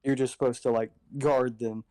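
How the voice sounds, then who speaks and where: A young man chatting casually and telling stories about his school days, swearing freely. His voice is mellow and dark. The sound is dry, with no room echo. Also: mid-range voice, level tone, moderate pace. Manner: laid-back storyteller, swears a lot. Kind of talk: casual chat.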